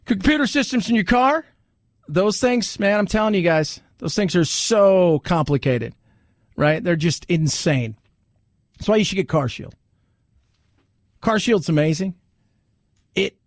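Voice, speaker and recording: A man's voice: high-pitched, no echo, clean studio sound. A man hosting a talk radio show, chatting casually in a wry, sarcastic way.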